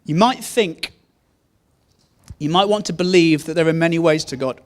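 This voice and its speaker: A man's voice: on the high side, moderate pace. A man preaching a sermon, telling a story in an earnest way and repeating key phrases. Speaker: pastor.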